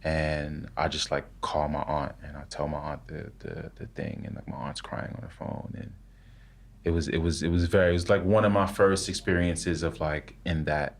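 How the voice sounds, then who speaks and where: A young adult man, a podcast guest, telling a story in a casual, halting way, full of repeats and "like". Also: very deep voice, little pitch movement.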